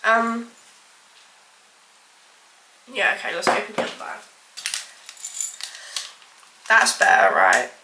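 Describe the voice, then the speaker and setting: A woman's voice: mid-range voice, huge pitch swings, measured pace, roomy sound, noisy background. A woman vlogging as she bakes in her home kitchen, rambling casually and poking fun at herself. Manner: chatty, rambling, self-deprecating, full of "like". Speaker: baking vlogger. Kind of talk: casual chat to camera.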